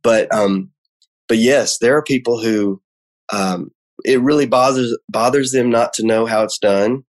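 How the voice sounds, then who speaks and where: Speaking a little slowly in a mid-range voice, a magician guest in a casual chat explains things the way a teacher would. He hesitates a lot, often restarting and filling pauses.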